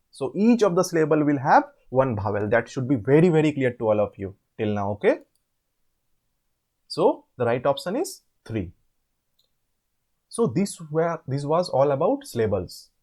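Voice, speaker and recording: Man, Indian English accent, tutor, husky, slightly high, explains step by step. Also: darkish tone. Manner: explains step by step, repeats words slowly, asks rhetorical questions. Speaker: online course tutor. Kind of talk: assignment walkthrough lesson.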